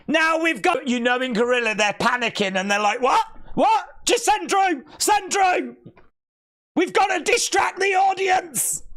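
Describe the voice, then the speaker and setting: A host giving live reaction commentary on a wrestling event, chatty with asides to viewers and bursting into shouts at big moments. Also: very high-pitched. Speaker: watch-along stream host.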